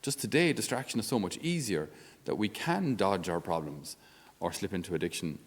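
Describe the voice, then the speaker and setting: A man's voice: low-pitched, lively intonation, normal speed, long reverb tail. A male Catholic priest giving an informal spiritual talk on his podcast in a conversational, down-to-earth way with self-deprecating humor.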